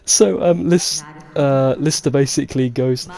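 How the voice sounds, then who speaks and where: Rambling man with a lively pitch. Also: normal speed. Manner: rambling, chatty, laughs easily, swears. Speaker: let's-play gamer. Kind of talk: casual commentary chat.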